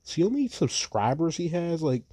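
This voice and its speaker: A teenage guy rants into the mic in a heated, profane vlog, his pitch swinging up and down a lot as he talks. His voice is mellow and a little dark, and the recording is dry, with no room echo. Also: very animated, normal speed. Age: teens. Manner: heated, profane, repeats "bro" and "like". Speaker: vlogger. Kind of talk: ranting commentary.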